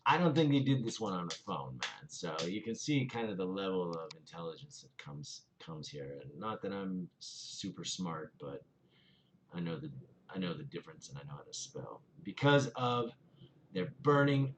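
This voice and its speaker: A man's voice: lowish voice, very animated, unhurried, slight background noise. A man in a casual vlog, reading viewer comments aloud and rambling through his replies with many fillers. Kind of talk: casual chat.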